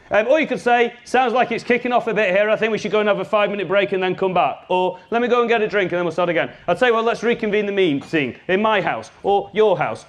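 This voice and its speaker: This man is a business trainer running a live workshop, addressing the room directly with plenty of energy and humor. He has a high voice.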